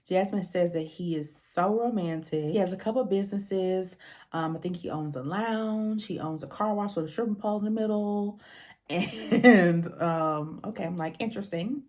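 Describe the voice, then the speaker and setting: Blunt, animated young woman with a dark voice. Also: on the low side, moderate pace. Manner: animated, blunt and profane, acts out quotes. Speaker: vlogger recapping a reality show. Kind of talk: casual recap commentary.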